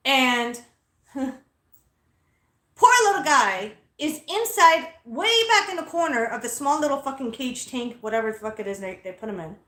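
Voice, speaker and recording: Inside a car, a young adult woman hosts a casual vlog, her voice sitting high with a fairly bright tone and noticeable reverb. She tells a story bluntly, with profanity and plenty of indignation.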